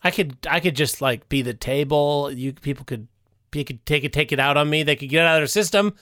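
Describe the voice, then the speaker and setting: A man co-hosting a comedy podcast, riffing in playful improvised banter with deadpan asides. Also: fairly high pitch, fairly quick, no room sound, clean studio sound. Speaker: podcast co-host.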